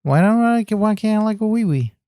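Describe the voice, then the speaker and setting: A man's voice: sits high, lively intonation, fast talker, warm tone, no room sound, studio quality. A man co-hosting a comedy podcast with a naive, innocently oblivious manner. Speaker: podcast co-host.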